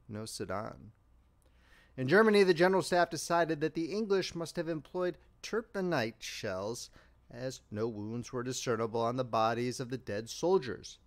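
A man reading an audiobook as narrator in dramatic, expressive storytelling. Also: medium pitch. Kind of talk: scripted narration.

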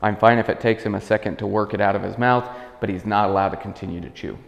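Male dog trainer, calm explainer, low gravelly voice, echoey room with a long tail. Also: fast. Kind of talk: instructional demonstration. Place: indoors in a house. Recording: echoey room with long reverb, dull lo-fi sound.

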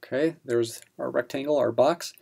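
A man's voice: medium pitch, normal speed, creaky, warm tone, breathy edge. A man teaching a probability practice problem, patiently explaining it step by step with casual fillers. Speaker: math instructor.

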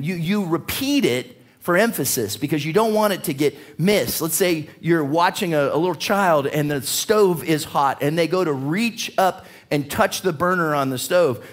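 A male pastor delivering a sermon in a church, his voice sitting somewhat high for a man. He is animated and conversational, laughing through his stories and repeating words as he builds toward a point. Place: church sanctuary.

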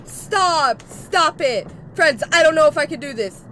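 High-voiced woman screaming through a horror game. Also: lively intonation, a bit bright, a little hiss or hum. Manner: frightened, screaming and swearing, drawn-out reactions. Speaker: gaming streamer.

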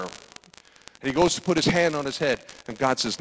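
A man preaching a sermon as pastor, acting out dialogue with big swings from loud to hushed. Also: fairly high pitch, normal speed, long pauses, low-quality recording.

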